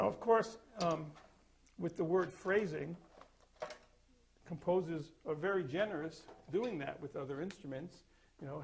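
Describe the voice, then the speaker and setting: Gravelly older man teaching percussion. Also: on the high side, slight background noise. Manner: explains then sings or plays examples. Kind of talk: demonstrating master class.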